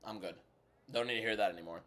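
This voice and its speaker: A man hosting a casual fight watchalong livestream, blunt and bantering as he answers chat, moving between a subdued inside voice and loud hyped delivery. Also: lowish voice, fast. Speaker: MMA content creator and livestream host.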